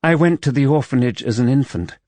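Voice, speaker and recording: A man voicing a gentle, caring young woman raised in an orphanage, speaking softly and earnestly in an audiobook. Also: medium pitch, lively intonation, a little fast, no echo, pitched above the performer's own voice, close to an everyday voice. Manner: soft, earnest, pleading. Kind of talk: audiobook character voice.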